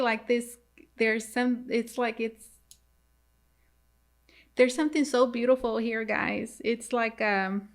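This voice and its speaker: Flat-voiced woman giving a tarot reading. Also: on the high side. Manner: halting and repetitive, keeps addressing viewers. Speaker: tarot reader. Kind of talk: casual tarot reading to viewers.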